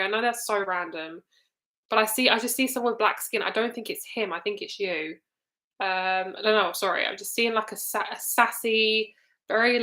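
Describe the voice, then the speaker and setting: A woman's voice: mid-range voice, bright, forceful tone. A young woman giving a casual live card reading to viewers, chatty and loose, with frequent ums and casual swearing. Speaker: tarot reader.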